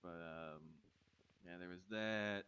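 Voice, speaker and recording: A man's voice: deep voice, steady tone, slow, pushed and bright, smooth, lo-fi sound. A man telling a rambling in-character story during a roleplay game stream, chuckling between sentences. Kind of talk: casual in-character chat.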